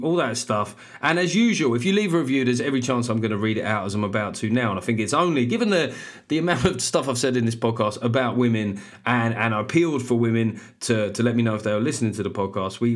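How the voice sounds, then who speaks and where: Sweary, rambling male comedian. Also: mid-range voice. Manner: rambling, sweary, self-deprecating. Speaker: comedian and podcast host. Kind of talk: solo comedic podcast monologue.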